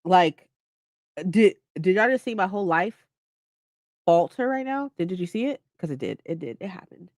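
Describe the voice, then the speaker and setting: A woman's voice: on the low side, lively intonation, normal speed, darkish tone, no echo. A woman in her twenties casually chatting on a livestream, playful and mock-dramatic as she reads her chat aloud. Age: 20s. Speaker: livestream host.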